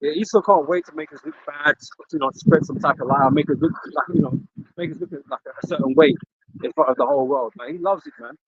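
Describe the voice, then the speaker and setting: A man's voice: a little high, quick pace, husky, no room sound, dull audio. A man speaking heatedly in a religious camp talk, cursing and ending lines with "man" and "you know". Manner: angry, profane, repeats "man" and "you know".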